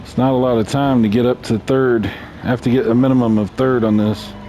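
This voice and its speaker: A man hosting a casual let's-play video, chatting through a racing game in a relaxed, self-mocking way. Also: medium pitch, brisk, a little hiss or hum. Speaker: gaming channel host.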